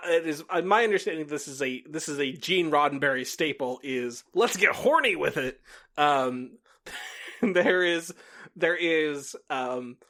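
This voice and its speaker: Slightly high and a bit bright, this man's voice belongs to a podcast co-host. He chats casually, curses without restraint, laughs a lot and imitates what others have said.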